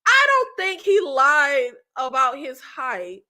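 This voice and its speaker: A woman hosting her own channel, recapping a reality show in a blunt, animated, exasperated way with casual swearing. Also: high-pitched, slow. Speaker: channel host reviewing reality TV.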